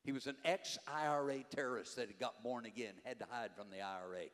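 An older man preaching a sermon, fervent, rising to shouts and dropping low. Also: quick pace. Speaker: conference preacher. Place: church sanctuary. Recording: long hall reverb, faint music behind.

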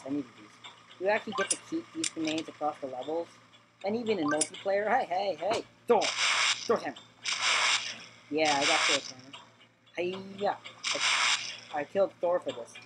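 A woman's voice: low-pitched, very animated, fast talker, very noisy. A woman hosting a let's play video, talking chattily over her gameplay, repeating words and joking with the characters on screen. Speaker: gaming channel host.

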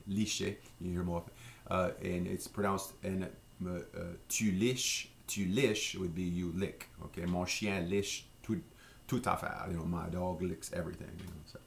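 Guy teaching words, lowish voice, kinda gravelly, slow and easygoing with lots of ums. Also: fairly bright tone, a little hiss or hum. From Louisiana. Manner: unhurried, with many fillers and slow repeated pronunciations. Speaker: French language teacher. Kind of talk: relaxed vocabulary lesson.

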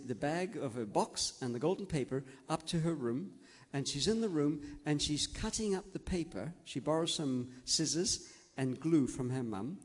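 A man telling a story to a group of children in a large hall, gentle and coaxing, often checking that they are listening. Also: on the high side.

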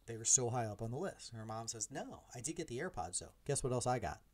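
Man in his forties, podcast host, casual storytelling, animated, acts out quoted dialogue, mid-pitched voice. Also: fast talker, a little hiss or hum. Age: 40s.

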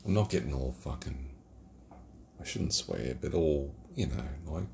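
A middle-aged man with an Australian accent, his voice very deep and gravelly. He rambles casually and drifts into reflection, cursing freely. Faint night noise sits behind him. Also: animated, measured pace, dark tone. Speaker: beer reviewer. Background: geckos and night ambience.

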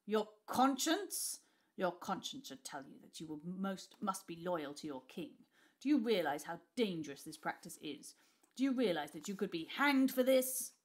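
A woman voicing a cold, scheming male lord who speaks smoothly and threateningly. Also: on the low side, normal speed, hardly any pauses, natural voice. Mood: angry. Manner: smooth, then rising in anger.

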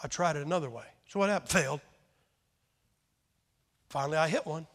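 High-voiced American preacher in a reverberant hall. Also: male voice, brisk. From United States. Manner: lively storytelling, emphatic swings between loud and quiet. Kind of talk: sermon. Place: church hall with a crowd. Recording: long reverb from a large hall.

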